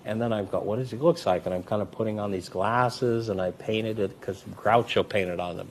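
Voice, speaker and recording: A man's voice: moderate pace, a little hiss or hum. A man, a magician and comedy performer, telling anecdotes in an interview and acting out the voices of the people in them. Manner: animated, acts out quoted voices with big swings in pitch and loudness.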